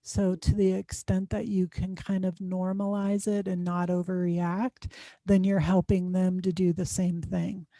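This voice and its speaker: A woman's voice: lowish voice, little pitch movement, a little slow, dark tone, dry recording. A woman speaking as a guest expert in an interview, explaining advice conversationally with frequent "um" fillers. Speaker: guest expert on student success.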